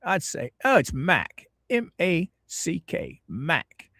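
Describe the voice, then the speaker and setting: Man, middle-aged, livestream host, folksy chat, lively swooping pitch, gravelly, dry close sound. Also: dry recording. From Florida. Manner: folksy, drawn-out greetings, lively ups and downs. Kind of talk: casual livestream chat greeting viewers.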